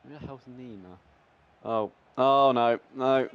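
A young man commentating on his own football video game match, groaning at misses and yelling at goals, his voice cracking when excited. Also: medium pitch, slow, phone-quality sound, slight background noise. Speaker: gaming YouTuber. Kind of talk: excitable live gameplay commentary.

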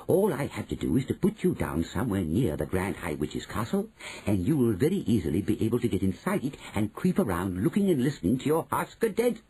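A shrewd, bold old grandmother, put on by a male audiobook reader, who speaks slowly and with calm, knowing weight. The voice is dark and deeply breathy, with a lively swing in pitch. It suits an audiobook story. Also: exaggerated voice, low-quality recording. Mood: eager. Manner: slow, measured and knowing. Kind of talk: audiobook reading.

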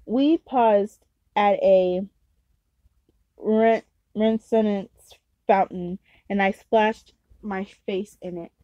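A woman's voice: medium pitch, dry recording, muffled recording. A woman reading a novel aloud casually as an amateur reader, unpolished with slips and restarts.

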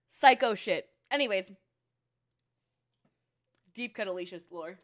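A woman's voice: medium pitch, takes it slowly. A woman giving casual reaction commentary on an anime. She swears freely, laughs often and talks candidly about her own past. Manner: animated and profane, laughs often.

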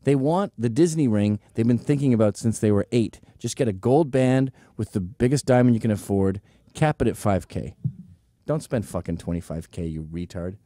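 A man's voice: fairly low pitch, lively intonation, moderate pace, mellow, no echo. A man in his forties hosting a show, delivering a profane, sarcastic comedic rant. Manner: profane, sarcastic, acts out quoted voices. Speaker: show host.

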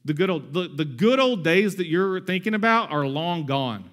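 A man in his thirties preaching a sermon in a conversational, energetic way, with asides and humor. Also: on the high side, normal speed. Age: 30s. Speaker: pastor.

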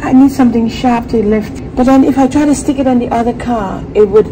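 A woman vlogger chatting casually and excitedly straight to her viewers. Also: on the high side, fast talker, background noise. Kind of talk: casual vlog chat to viewers.

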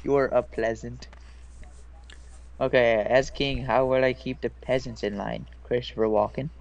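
A man's voice: mid-range voice, fairly even intonation, unhurried, far from the mic, slight background noise. Cocky young guy on lo-fi audio. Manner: cocky, wisecracking. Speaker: player. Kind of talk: casual gaming chat. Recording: lo-fi voice call audio.

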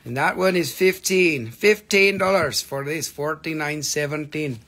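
A man's voice: a little high, measured pace, sharp tone. A man hosting a live mineral sales stream, talking in a joking, rambling, playful way as he announces prices. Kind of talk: casual live selling banter.

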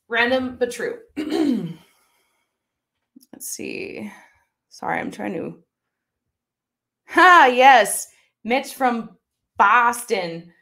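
A woman's voice: mid-range voice, fairly bright tone. A young woman hosting a casual live stream from home, chatting upbeat with lots of fillers as she reads viewer comments. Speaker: YouTube host reading live chat. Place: home, by her desktop computer.

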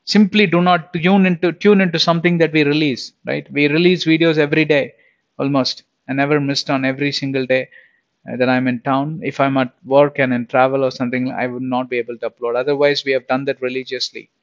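A man's voice: medium pitch, flat delivery, brisk, lo-fi sound. A man giving an informal Bible lesson, chatty, often laughing and repeating himself. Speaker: Bible teacher.

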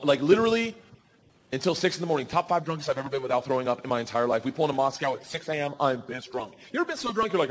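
A man on a comedy stage telling a story with energetic delivery and shouted punchlines. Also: mid-range voice, racing, big-room sound, slight background noise. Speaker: stand-up comedian. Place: comedy stage before a live audience.

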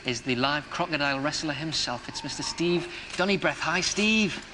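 A man's voice: a little high, moderate pace, background noise. A man presenting comic sketches on TV, flustered and jokey.

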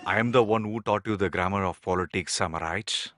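A man's voice: sits low, a little fast, very noisy, lightly acted. A man dubbing a scheming older male politician in a movie, speaking menacingly over film music. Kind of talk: movie dub. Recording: film soundtrack with loud music.

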